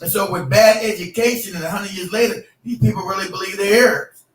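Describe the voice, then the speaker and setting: High-voiced man, cussing loosely in a roomy echo. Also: fairly even intonation, fast. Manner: loose, profane, laughing storyteller. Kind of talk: casual profane chat. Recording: roomy echo, distant mic.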